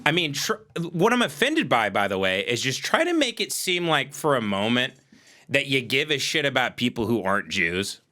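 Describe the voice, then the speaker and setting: A man hosting a livestream on a desk mic, ranting in a profane, exasperated way and shouting at times. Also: medium pitch, big pitch swings, normal speed. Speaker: livestream host. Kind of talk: casual ranting monologue.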